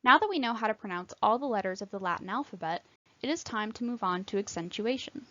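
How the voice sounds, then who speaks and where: A woman teaching Latin pronunciation in scripted narration, clearly and carefully sounding out example words. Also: mid-range voice, animated, quick pace, pushed and bright, dry recording, dull audio.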